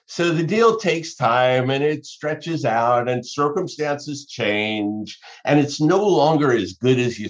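A man giving conversational business advice, explaining through examples with self-corrections. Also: mid-range voice. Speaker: business advisor. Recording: dull lo-fi sound.

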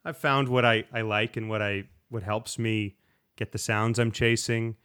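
Relaxed rambling guitarist man. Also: fairly low pitch, normal speed, clear, resonant tone. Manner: relaxed, rambling, with frequent restarts and acted-out quotes. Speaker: slide guitarist guest. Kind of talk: casual interview talk.

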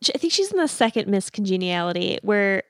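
A woman's voice: medium pitch, sing-song, fast talker, no room sound, clean studio sound. Chatty, rambling woman co-host. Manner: chatty, rambling, laughs easily. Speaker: podcast co-host. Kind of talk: casual chat.

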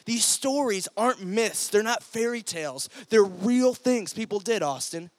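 Speaking at a measured pace with no room sound, this high-voiced young man is a youth pastor preaching to his youth group. His sermon is full of energetic stories, and he performs the quoted voices himself.

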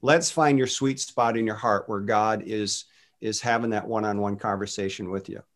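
A man speaking as a guest minister in a casual faith conversation, telling stories in an animated way and voicing quotes. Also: lowish voice, moderate pace. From United States. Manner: animated storytelling with voiced quotes.

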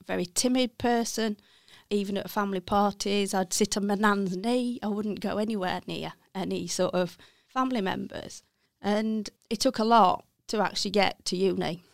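A woman's voice: mid-range voice, creaky, no echo, clean studio sound. A middle-aged woman with a Birmingham accent, speaking candidly as an interview guest, often correcting herself mid-sentence. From West Midlands, England. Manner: candid, self-correcting, laughs softly. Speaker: interview guest, accounting firm partner. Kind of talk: reflective interview chat.

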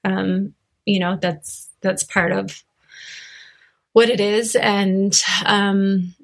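A woman's voice: mid-range voice, fairly even intonation, drawn-out words, gravelly. A middle-aged woman speaking as a guest in a group conversation, thoughtful and hesitant, with many fillers and restarts. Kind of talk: reflective casual conversation.

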